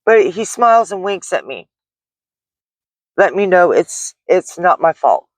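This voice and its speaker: A woman's voice: on the low side, expressive, a little slow, no room sound. A middle-aged woman, a delivery driver, recounting a frightening experience in a rambling vlog story full of restarts and fillers. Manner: rambling, shaken retelling with many restarts and fillers.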